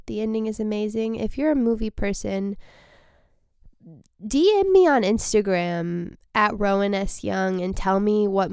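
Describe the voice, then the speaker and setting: Rambling young woman comedian, crisp dry voice. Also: medium pitch, darkish tone, dry recording. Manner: rambling, self-deprecating, frequent restarts. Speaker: comedian and podcast host. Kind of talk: casual solo podcast chat.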